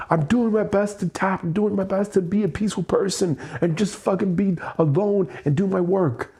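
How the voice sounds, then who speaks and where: A man speaking in a fairly high voice, venting in a raw, emotional livestream monologue. He repeats himself, swears freely and sounds fed up. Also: normal speed, hardly any pauses, warm tone, slight background noise. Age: adult with a child. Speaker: host.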